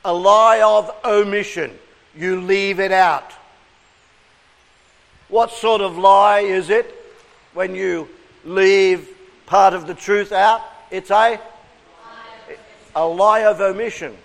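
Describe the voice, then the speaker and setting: Aussie guy preaching, high voice, keeps quizzing the crowd, big echoey hall sound. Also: slow, vocal fry, pauses often. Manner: lively, coaxing the crowd with questions and call-and-response. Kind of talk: interactive sermon to a congregation.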